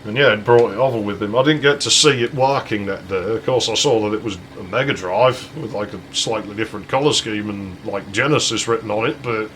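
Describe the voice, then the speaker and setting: A man's voice: fairly low pitch, brisk, hardly any pauses, a bit bright, slight background noise, rough recording. A British man hosting a game playthrough, telling a long rambling anecdote and swearing freely. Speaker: let's play host. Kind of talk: casual anecdote while gaming.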